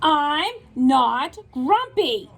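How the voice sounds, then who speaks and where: A woman's voice: high-pitched, sing-song, very slow, fairly bright tone, slight background noise, voice pushed up, full character voice. A woman voicing a grumpy male monkey who stubbornly insists he is not grumpy. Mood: indignant. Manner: indignant, protesting.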